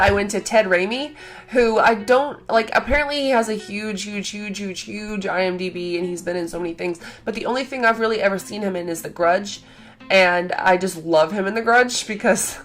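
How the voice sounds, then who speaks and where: A young woman vlogging in casual chat, gushing and excitable, full of "like" fillers. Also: medium pitch, normal speed, faint music behind.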